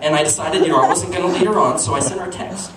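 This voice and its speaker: A man's voice: high-pitched, rapid-fire, over a noisy crowd. A young man doing a stand-up comedy routine, telling a self-deprecating dating story and acting out quotes with playful jumps in his voice. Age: young adult. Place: small venue with audience. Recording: echoey room, distant mic, audience noise.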